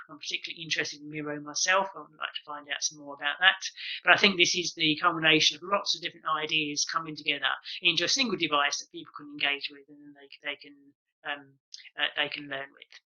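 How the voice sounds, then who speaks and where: A man's voice: on the high side, bright, forceful tone, rough recording. A man giving an online conference presentation over a video call, explaining projects with lots of ums and uhs. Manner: explanatory, filler-heavy with many ums and uhs.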